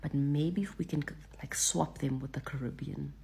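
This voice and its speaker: A woman from Africa talks casually and confidingly about her childhood, now and then sinking to a hush. Her voice is very low and mellow, with a gravelly fry underneath. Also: moderate pace. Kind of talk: casual personal talk.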